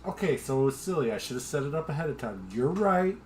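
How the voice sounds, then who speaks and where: A man's voice: medium pitch, lively intonation, racing, darkish tone, a little hiss or hum. Rambling, profane man on a home livestream. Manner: rambling, profane, self-deprecating; talks to his dog. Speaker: livestream host. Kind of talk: casual livestream chat while drinking.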